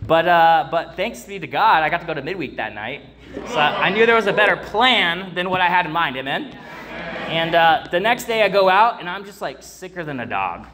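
A man's voice: fairly high pitch, very animated, brisk. A young man preaching to a congregation. He tells a personal story in a rambling way, with many fillers and restarts, and calls out to the crowd. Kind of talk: church sermon with personal story.

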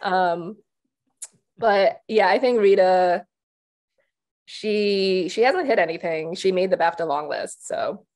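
Young woman, lowish voice, loose chatty awards pundit, filler-heavy. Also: slow, pauses often, a little mellow. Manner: chatty, lots of "like" and restarts, laughs easily. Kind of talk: casual panel discussion.

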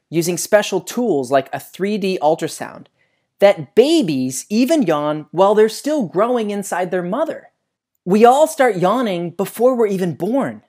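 A man presents a science lesson for children, speaking outdoors with a lively, widely swinging pitch. He keeps the tone animated and often turns questions back to the viewer. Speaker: science educator host. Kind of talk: educational video lesson for kids. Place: outdoors by trees.

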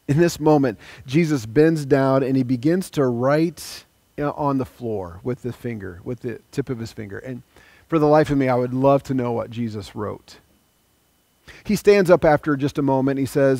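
Male pastor, earnest sermon delivery, mid-pitched voice, dry close sound. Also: a little slow, darkish tone, no echo. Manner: earnest, pleading, invites listeners to pray along.

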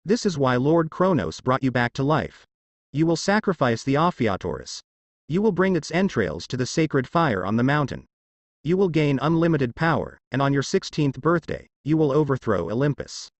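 A man's voice: medium pitch, big pitch swings, normal speed, no echo. A man voicing a mysterious, commanding envoy who speaks solemnly.

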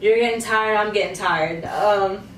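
A woman's voice: mid-range voice, measured pace. A young adult woman chatting playfully through a clothing try-on haul, with sassy slangy asides. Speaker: fashion vlogger. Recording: roomy, mic far off, faint noise.

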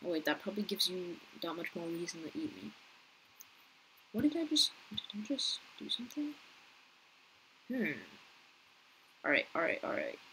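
A young woman giving casual gameplay commentary, chatty and talking to viewers and other players, her voice rough as she keeps clearing her throat. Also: lowish voice, big pitch swings, moderate pace, pauses often, a bit bright, slight background noise, poor audio. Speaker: gaming youtuber.

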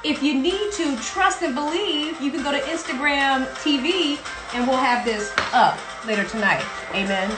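A South Carolina native with a Southern accent chats casually as host of a playful livestream show from her Brooklyn home. Her voice sits high and moves at a moderate pace, sounding reverberant over music.

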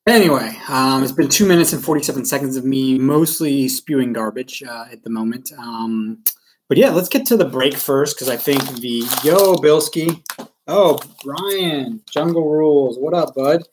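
A man's voice: mid-range voice, moderate pace, slight background noise, poor audio. Rambling casual man from Maryland. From Maryland, USA. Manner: casual, self-deprecating, many ums and uhs. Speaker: live-stream card breaker. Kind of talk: rambling live-stream chat.

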